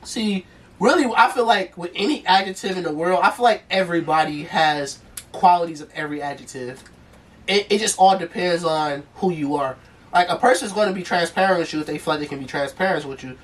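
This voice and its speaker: A man's voice: a little high, fairly quick, fairly bright tone, recorded from a distance. A man co-hosting a podcast in casual chat, rambling, with many fillers. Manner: loose, rambling, full of "like" and "you know what I'm saying". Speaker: podcast co-host. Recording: voice from off the mic.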